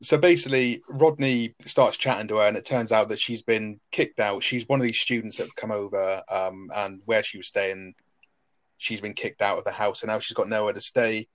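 A man's voice: lowish voice, steady tone, normal speed, a bit bright, dry recording. A man chatting casually on a podcast, rambling with lots of fillers. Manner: rambling, filler-heavy, laughs often. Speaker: podcast co-host. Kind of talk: casual chat recapping a sitcom episode.

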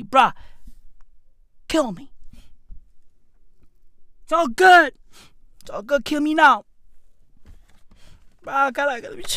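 A woman's voice: sits high, fairly bright tone, no room sound, clean studio sound. A woman giving a profane, theatrical rant of mock despair in a vlog. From South Africa. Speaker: online commentator. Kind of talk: ranting vlog commentary.

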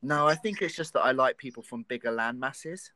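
A man's voice: medium pitch, expressive, brisk, bright, forceful tone, no echo. A young man from England chatting casually, playful and teasing, laughing often. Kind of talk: casual chat.

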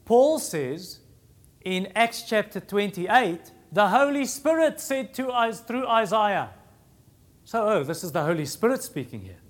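Male preacher; emphatic sermon delivery, voice a touch high. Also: very animated, measured pace. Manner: emphatic, repeats phrases for stress.

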